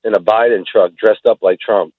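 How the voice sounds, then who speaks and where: A male caller phoning in to a radio show, talking in an excited, casual way. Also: on the low side, moderate pace, no room sound. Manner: excited, casual, says "man". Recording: tinny phone line.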